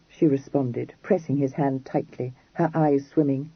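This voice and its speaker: Husky-voiced man narrating an audiobook. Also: medium pitch, normal speed, hardly any pauses, no room sound. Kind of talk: scripted narration. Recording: dry, dull lo-fi recording.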